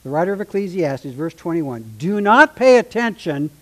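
A male pastor with a fairly high voice, preaching in an animated way. He reads scripture passages aloud with dramatic swings and slips in dry, sarcastic remarks. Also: moderate pace, poor audio. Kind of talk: sermon.

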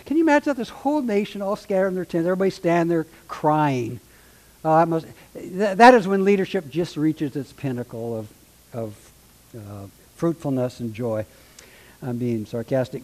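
A man's voice: fairly high pitch, animated, normal speed, darkish tone, rough recording. A man preaching a sermon as a pastor, reading scripture aloud with drama and dropping in dry, sarcastic asides.

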